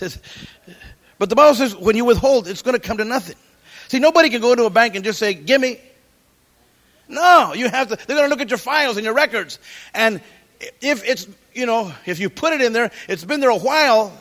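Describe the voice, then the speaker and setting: A middle-aged man preaching a sermon as pastor, animated, quoting scripture and cracking jokes. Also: sits high.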